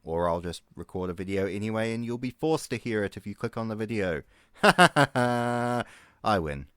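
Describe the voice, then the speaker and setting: A man, low-pitched and smooth, telling ranger stories to camera. He talks in a chatty way and laughs often as he goes. The sound is close and dry, with no room around it. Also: fast talker, no echo. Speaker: conservation ranger. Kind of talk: casual storytelling vlog.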